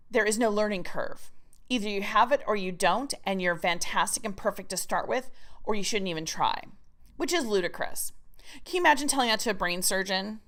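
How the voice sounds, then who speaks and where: Woman, writing coach, chatty, emphatic, animated teaching module. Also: mid-range voice.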